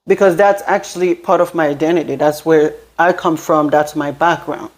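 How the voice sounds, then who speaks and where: A woman's voice: low voice, steady tone, moderate pace, a little mellow. Conversational woman guest on a talk show. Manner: conversational, with fillers. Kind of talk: casual discussion.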